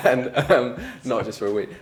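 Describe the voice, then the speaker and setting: A man with a British accent co-hosting a casual chat in an office, chatty and quick to laugh. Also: medium pitch, fairly even intonation. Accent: British English. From Britain. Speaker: co-host.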